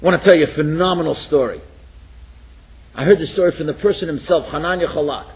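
Male preacher, slightly high voice, animated storytelling sermon with acted dialogue. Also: fast talker, rough recording. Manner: animated storyteller, acts out dialogue, drops to a hush.

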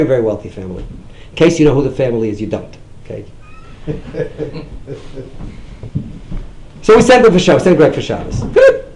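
A middle-aged man, a rabbi, giving a storytelling sermon, jumping up high whenever he quotes someone. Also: reverberant, a little hiss or hum, low-quality recording. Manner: animated, swings up high when quoting others. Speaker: rabbi giving a talk on outreach.

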